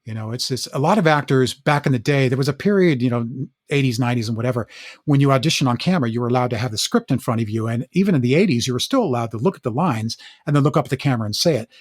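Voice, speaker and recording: A middle-aged man from Northern California, an actor, telling candid stories in a podcast interview in an earnest, halting way that often repeats words. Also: mid-range voice, no echo, clean studio sound. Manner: earnest, halting, with frequent word repeats and restarts.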